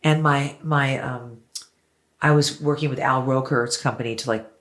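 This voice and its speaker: A woman's voice: very deep voice, steady tone, normal speed. A woman singer as an interview guest, chatting casually and telling stories effusively, with some swearing. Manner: effusive storyteller, swears freely.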